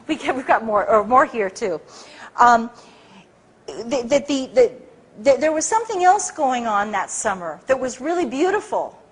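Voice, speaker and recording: Husky animated woman telling a story. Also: moderate pace. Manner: acts out quoted people with big pitch jumps. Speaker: speaker at a public talk.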